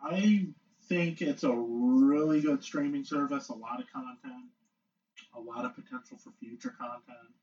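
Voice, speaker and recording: A man's voice: medium pitch, unhurried, darkish tone. Earnest young male co-host. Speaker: podcast co-host. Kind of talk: casual chat. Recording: distant, dull-sounding mic.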